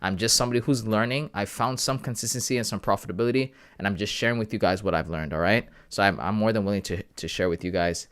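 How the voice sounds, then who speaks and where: A man from Canada hosting a casual live stream. He chats with his viewers in a relaxed, friendly way about his trading, often calling them bro and man. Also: lowish voice, quick pace, few pauses, smooth. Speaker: livestream host sharing trading analysis.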